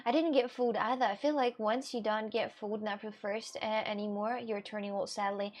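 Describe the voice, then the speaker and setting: Young female streamer, casual and talkative, slightly high pitch, drops the odd swear. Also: brisk. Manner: chatty, rambling, swears casually. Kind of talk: casual live-stream chat with viewers.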